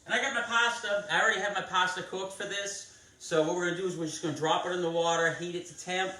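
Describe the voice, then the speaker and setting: A man's voice: high-pitched, fairly even intonation, fast talker, pushed and bright, slight background noise. A man hosting a live cooking stream, chatting viewers through each step of a recipe in a casual way. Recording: echoey kitchen, mic at a distance.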